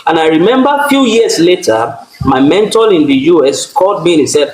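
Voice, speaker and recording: A man's voice: on the high side, big pitch swings, fairly quick, few pauses, darkish tone. Earnest Nigerian man telling his story. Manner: earnest, storytelling, frequent restarts. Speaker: guest speaker. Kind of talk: personal testimony talk. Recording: echoey room, faint noise.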